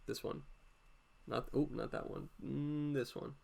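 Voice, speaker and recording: A man's voice: medium pitch, steady tone, measured pace, creaky, a little mellow. A man hosting a drawing live stream, talking casually and playfully as he draws, often laughing.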